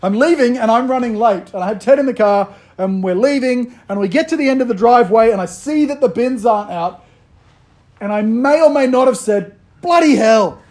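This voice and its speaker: A man's voice: very high voice, a little fast, a little mellow. Man preaching a casual, joking sermon. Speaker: pastor.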